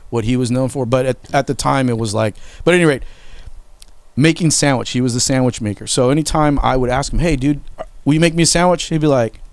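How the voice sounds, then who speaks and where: Smooth-voiced man telling family stories. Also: medium pitch, a little fast, no echo. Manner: candid, emotional, swears freely. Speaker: podcast host. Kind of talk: casual storytelling.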